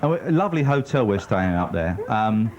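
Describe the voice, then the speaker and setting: A stand-up comedian delivers one-liners on a club stage, hesitant and full of fillers. His voice is lowish and a little mellow, very animated and a little fast. The recording is a dull, noisy TV broadcast.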